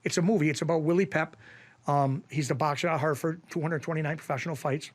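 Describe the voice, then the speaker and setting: New guy in his 50s telling stories, kinda higher voice, does everybody's voices. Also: fast talker. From Springfield, Massachusetts. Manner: animated anecdotes, acts out quoted voices. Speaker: guest. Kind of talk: casual storytelling.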